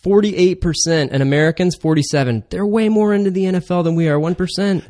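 A man from Florida co-hosting a casual podcast chat, reading out survey numbers and slowing down to stress points. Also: sits high, dark tone. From Florida Panhandle. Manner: explains, slows down to stress numbers. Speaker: podcast co-host.

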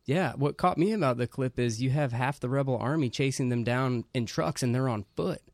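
A man co-hosting a Christian show, reflecting on an interview in a measured way. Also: mid-range voice, no room sound, studio quality. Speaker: podcast co-host. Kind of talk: casual commentary.

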